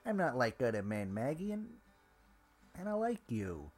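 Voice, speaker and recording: A man's voice: mid-range voice, very animated, moderate pace, a little mellow, soft background music. A man voicing an earnest hotel worker who talks hesitantly and stumbles over his words.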